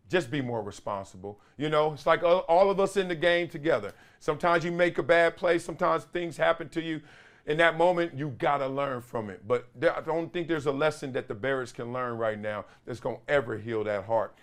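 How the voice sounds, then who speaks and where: A man in his forties hosting a solo sports talk show, telling stories in slangy, animated talk and acting out little voices with laughs. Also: medium pitch. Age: 40s. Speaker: show host.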